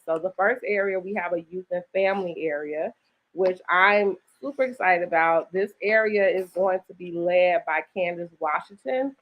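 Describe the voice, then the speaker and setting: A woman co-hosting and organizing a literary festival, talking in an upbeat, chatty way, often checking in with "right?", with a slight lisp. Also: on the low side. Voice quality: slight lisp from dental aligners. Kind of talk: casual promotional chat. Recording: dull lo-fi audio.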